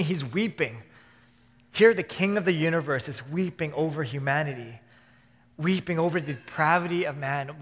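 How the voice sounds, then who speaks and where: A male pastor with a fairly high voice delivers an earnest sermon, often doubling back to repeat and restart his phrases. His words ring out with a long reverb, as in a church sanctuary. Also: a bit bright.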